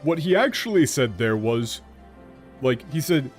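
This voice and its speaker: A man at a middling pitch rants as a game streamer, his speech peppered with profanity and exasperation. Quiet music plays beneath his voice. He talks like someone who has had enough of bad writing. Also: very animated, unhurried. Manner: ranting, exasperated, swears often. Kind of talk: profane commentary on a game translation.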